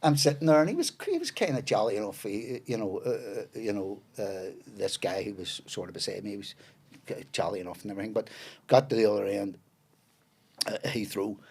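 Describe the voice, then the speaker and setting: Guy, gravelly voice, rambling and swearing through a yarn. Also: fairly low pitch, expressive, brisk, a little mellow. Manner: swears freely, rambling anecdotes with fillers. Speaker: podcast guest. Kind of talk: casual storytelling.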